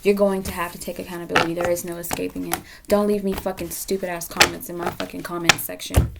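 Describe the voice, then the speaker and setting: A woman's voice: lowish voice, little pitch movement, fast talker, creaky, very noisy. A woman doing a pick-a-card tarot reading, scolding the viewer bluntly with frequent swearing. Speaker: tarot reader.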